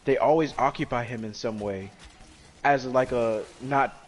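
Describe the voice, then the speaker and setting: A man's voice: mid-range voice, measured pace. A young man chatting casually while gaming, arguing his opinions with casual slang.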